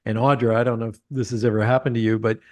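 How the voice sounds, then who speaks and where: A man's voice: mid-range voice, very fast. A man hosting a business interview, telling stories with laughs and frequent filler words. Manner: animated storyteller, laughs often, many uh fillers. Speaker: podcast host. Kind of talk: casual interview chat.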